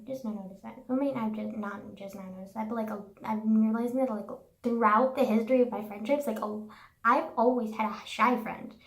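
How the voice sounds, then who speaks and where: A young woman vlogging a casual, profane rant, sarcastic and packed with "like.". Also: fairly high pitch. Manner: profane, sarcastic, says "like" constantly. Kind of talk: casual ranting monologue. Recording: echoey room.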